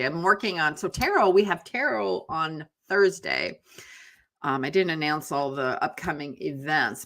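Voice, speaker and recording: A woman with a lower-pitched but bright voice chats on a live tarot stream from her home office. She talks freely and meanders, calling viewers by name and yawning from time to time. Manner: chatty, rambling, talks to viewers by name, yawns often. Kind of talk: casual chat on a live stream.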